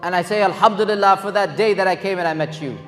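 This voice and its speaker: A man's voice: sits high, quick pace, close to an everyday voice. A man voicing a desperate male robber who pleads and later speaks with gratitude, in an earnest way. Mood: grateful. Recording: long hall reverb, faint music.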